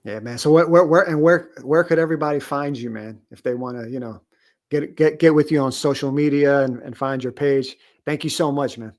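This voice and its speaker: A man's voice: a little high, fairly even intonation, a little fast, a little mellow. A man hosting a live-stream interview, talking in a casual, friendly way. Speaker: host.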